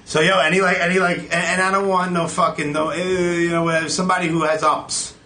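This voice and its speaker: New man, podcast host, bright tense voice, fairly high, faint background noise. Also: flat delivery, fast. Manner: laid-back, brief reactions, swears. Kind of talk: casual chat.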